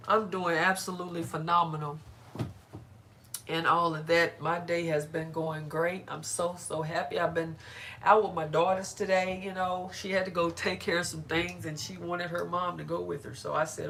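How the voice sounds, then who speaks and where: Bright-voiced chatty woman on a live stream. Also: lowish voice, level tone, normal speed, slight background noise. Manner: chatty, greets viewers by name; laughs often, playful. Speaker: live-stream hair vlogger. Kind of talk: casual live-stream chat.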